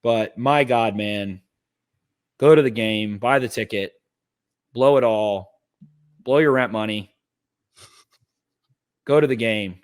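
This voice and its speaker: A man's voice: fairly low pitch, takes it slowly, long pauses, smooth. A man co-hosting a casual sports podcast, giving a fired-up, cursing pep talk. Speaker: podcast co-host.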